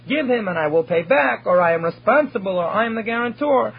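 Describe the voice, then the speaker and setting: A man's voice: high-pitched, expressive, a little fast, creaky, few pauses, breathy edge. A man teaching a recorded study lecture, explaining and translating Hebrew terms phrase by phrase. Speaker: Torah teacher. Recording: dull lo-fi recording.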